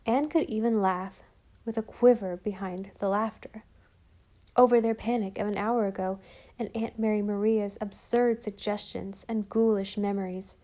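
Woman audiobook narrator, gentle and expressive, mellow warm tone. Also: mid-range voice, moderate pace. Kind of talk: scripted narration.

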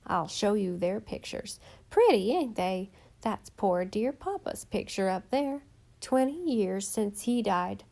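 A woman voicing a chatty, lonely old countrywoman who is hoarse from a cold and rambles in folksy, rustic speech. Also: mid-range voice, animated, slow pace, dark tone. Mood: folksy chatter. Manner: rambling homespun talk with rustic grammar.

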